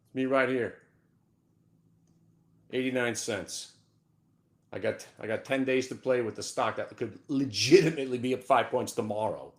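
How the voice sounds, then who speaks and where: A man hosting a live market show, ranting brashly about his trades with sudden shouted outbursts. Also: medium pitch, normal speed, long pauses. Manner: excitable, loud bursts of shouting, brash. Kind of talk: live trading rant.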